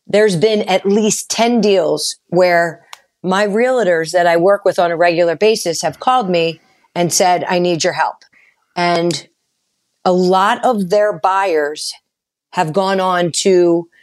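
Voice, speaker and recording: A woman co-hosting a talk radio show as mortgage expert, chatty and earnest. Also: on the low side.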